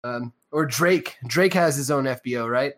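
A man's voice: medium pitch, moderate pace, a bit bright. A man co-hosting a podcast in casual, profane chat, rambling with many fillers and a sarcastic edge. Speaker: podcast co-host.

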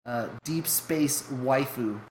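A man's voice: medium pitch, slow, darkish tone, a little hiss or hum, rough recording. A man co-hosting a stream over an online call, chatting casually, laughing often and swearing while joking around. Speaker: streamer, co-host. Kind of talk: casual chat. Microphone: online call mic with audio glitches.

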